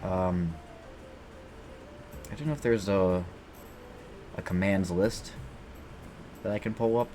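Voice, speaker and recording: A man's voice: deep voice, fairly even intonation, slow pace, pauses often, mellow, faint music behind. A man streaming a game, chatting casually and rambling, joking and swearing freely as he plays. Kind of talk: casual gameplay commentary.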